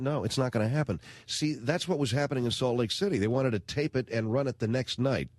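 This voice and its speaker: A man's voice: mid-range voice, quick pace, hardly any pauses, no room sound. A man hosting a radio talk show, ranting in a blunt, slangy, indignant way into a studio microphone.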